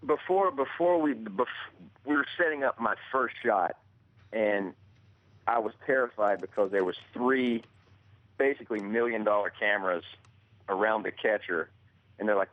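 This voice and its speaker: A man in his thirties calls in by phone, polite and quick to laugh as he tells his stories. His voice sits a little low. The line is muffled and dry, with no room around it. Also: no room sound. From Birmingham, Alabama. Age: 30s. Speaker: phone-in guest, actor. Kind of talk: casual chat.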